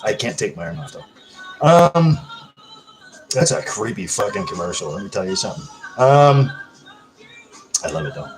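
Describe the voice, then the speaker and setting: With big pitch swings in a lowish voice, a man talks at normal speed, pausing often, over soft background music on a low-quality recording. He's casually hosting a livestream, reading viewer comments aloud in a rambling, profane, hyper style.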